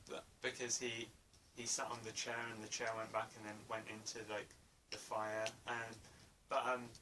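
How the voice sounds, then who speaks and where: A man's voice: fairly low pitch, flat delivery, moderate pace. A man giving a casual spoken film review, hesitant, with many fillers and restarts. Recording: distant mic, faint room noise.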